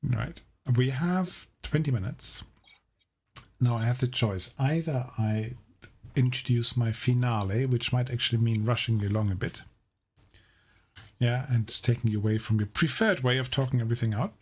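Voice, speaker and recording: Gravelly, husky game master. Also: male voice, medium pitch. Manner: measured, explaining, often restarting his sentences. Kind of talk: narrating a tabletop game.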